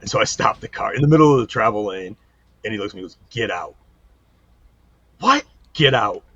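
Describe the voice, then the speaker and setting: A middle-aged man tells his old stories in a casual interview, voicing the people in them. His voice sits low and husky, and the recording sounds dull and lo-fi. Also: very fast. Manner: animated storyteller, acts out quotes. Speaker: retired police chief, guest.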